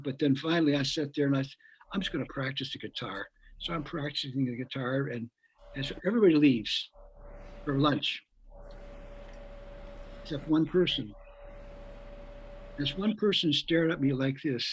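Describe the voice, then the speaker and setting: A man's voice: fairly high pitch, slight background noise, rough recording. An older man, a guest musician, telling a long story in a rambling way. He repeats words as he goes and acts out the voices of the people he quotes. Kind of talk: anecdotal storytelling.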